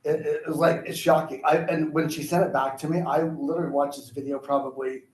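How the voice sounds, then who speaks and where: A man's voice: on the high side, steady tone, fairly quick, darkish tone. A man telling a personal story in a class, rambling and correcting himself as he goes. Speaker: class participant. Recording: echoey room, faint background noise.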